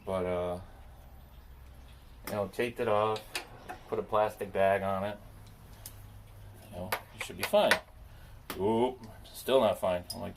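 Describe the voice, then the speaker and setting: Slow and lowish, with long pauses, a man who owns a landscaping business talks to himself while repairing a machine. His casual, rambling chat includes self-mocking remarks, and the background is noisy.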